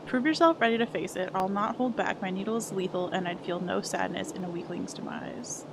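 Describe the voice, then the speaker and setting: A woman's voice: medium pitch, brisk, background noise, close to an everyday voice. A woman reading aloud the lines of a stern, lethal young female warrior guardian, cold and formal. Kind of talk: reading game dialogue aloud.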